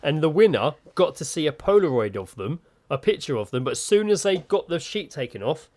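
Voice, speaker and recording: A man's voice: on the high side, sing-song, a little fast, a little mellow. A man co-hosting a podcast, talking in a rambling, enthusiastic way with plenty of fillers. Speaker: podcast co-host. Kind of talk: casual chat.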